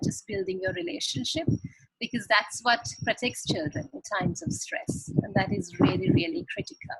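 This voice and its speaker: Husky Sri woman giving parenting advice. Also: medium pitch, fairly bright tone, no room sound, rough recording. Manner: earnest, explains with examples. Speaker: parenting guest expert. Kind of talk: advice talk on a video call. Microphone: video call.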